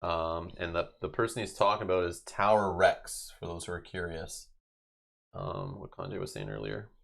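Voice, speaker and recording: A man's voice: deep voice, steady tone, normal speed, gravelly, fairly bright tone. A Canadian man co-hosting a live stream, chatting casually and rambling, often laughing. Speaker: stream co-host. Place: home room, Canada.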